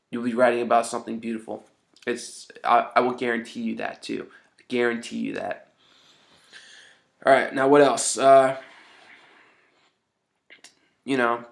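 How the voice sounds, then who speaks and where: Male songwriter, loose rambling delivery, medium pitch, informal tips. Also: gravelly, fairly bright tone. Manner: rambling, keeps saying "you know what I mean". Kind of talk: casual spoken advice.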